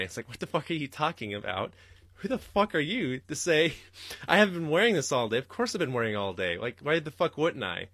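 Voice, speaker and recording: A man hosting a podcast, ranting in a profane, rambling way and jumping suddenly into loud, high-pitched outbursts. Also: sing-song, a little fast, dry recording, studio quality. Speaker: podcast host. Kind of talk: livestreamed comedic rant.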